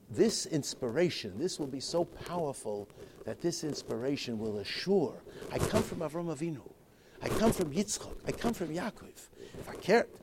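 A man teaching a Torah class in a halting way, restarting his sentences often and mixing Hebrew and Yiddish terms into his English. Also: a little high, a little mellow, slight background noise. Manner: halting, with many repeated restarts. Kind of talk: Torah lecture.

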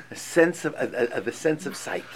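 A man's voice: medium pitch, animated, normal speed, a little hiss or hum. A man teaching a text study class, reading passages aloud and explaining them with emphatic feeling.

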